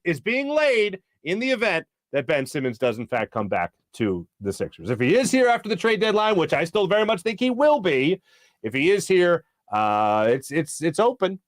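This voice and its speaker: A man hosting a sports talk show, talking fast and breaking into quick impressions when he quotes people. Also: high voice, no echo, clean studio sound. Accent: Philadelphia. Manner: animated, jumps into voices for quotes. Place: studio.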